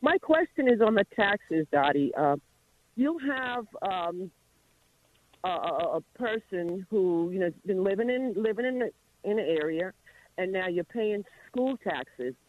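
A woman's voice: medium pitch, expressive, measured pace. A woman calling in to a radio show, asking her question hesitantly, with fillers and restarts. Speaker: radio caller. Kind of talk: phone-in question. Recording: tinny phone line.

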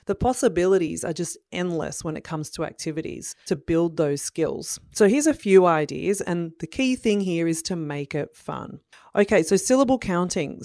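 A woman in her thirties with a low voice gives parents practical advice in an encouraging, friendly tone. She acts out little exchanges with children as she explains. The recording is dry and close, with no room sound. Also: darkish tone, no room sound. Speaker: parenting educator. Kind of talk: instructional talk to parents.

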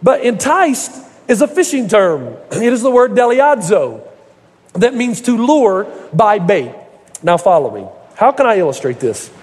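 A man's voice: high-pitched, sing-song, measured pace, a little mellow, husky. A middle-aged male pastor preaching a sermon, telling folksy stories with humor and building to emphatic points. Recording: echoey hall reverb.

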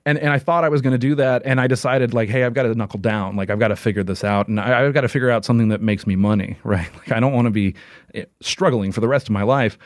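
A man's voice: medium pitch, steady tone, fast, dry recording, studio quality. A man as an interview guest, chatting casually in a rambling way, with many restarts and filler words. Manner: rambling, full of "like" and restarts, laughs often.

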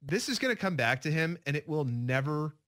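A man's voice: a little high, big pitch swings, brisk, fairly bright tone, no echo, studio quality. A man co-hosting a sports radio show, giving opinionated, joking takes in casual talk with many fillers.

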